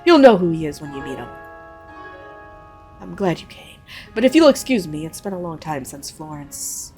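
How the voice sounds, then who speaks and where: A woman voicing an older male townsman who briskly shares town gossip. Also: deep voice, sing-song, warm tone, soft background music.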